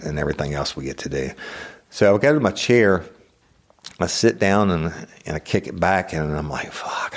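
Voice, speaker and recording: Very deep-voiced blunt man. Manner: blunt, profane, animated retelling. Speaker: podcast host. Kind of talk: casual storytelling monologue.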